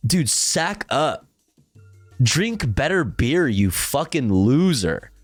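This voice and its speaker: A man's voice: mid-range voice, very animated, slow, no echo, soft background music. A man streaming, giving casual reaction commentary in a profane, sarcastic, rambling way full of fillers.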